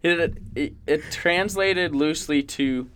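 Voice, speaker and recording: A man's voice: fairly high pitch, slow pace, fairly bright tone, slight background noise. A young man co-hosting a podcast, rambling and swearing in casual banter. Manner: profane, rambling, laughing jokes. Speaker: podcast co-host.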